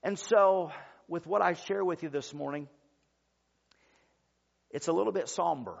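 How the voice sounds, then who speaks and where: A male pastor delivers a sermon in an earnest, measured storytelling tone, lingering on pauses. His voice sits a touch high for a man. The recording is dull and lo-fi. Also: vocal fry. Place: church service.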